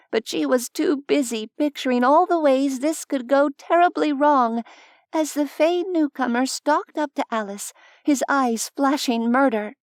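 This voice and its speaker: Woman reading a fantasy audiobook, slow and expressive, dry studio mic, kinda high voice. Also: dry recording. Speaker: audiobook narrator. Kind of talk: scripted fantasy narration. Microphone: close studio mic.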